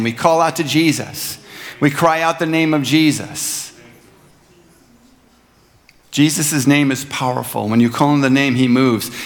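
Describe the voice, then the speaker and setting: A man's voice: fairly high pitch, fairly bright tone. A male pastor preaching a sermon in a church, earnest and building to emphatic repeated lines. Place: church sanctuary. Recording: long hall reverb.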